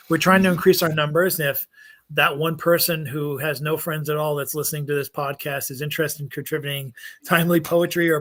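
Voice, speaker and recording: A man with a bright, forceful voice, pitched a little higher than most men. He co-hosts a casual podcast, joking and rambling, often restarting his sentences. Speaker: podcast co-host. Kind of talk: casual chat.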